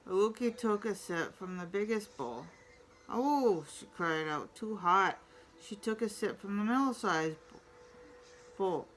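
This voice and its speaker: A woman reading a picture book aloud in a steady storytelling voice. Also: medium pitch, moderate pace, low-quality recording.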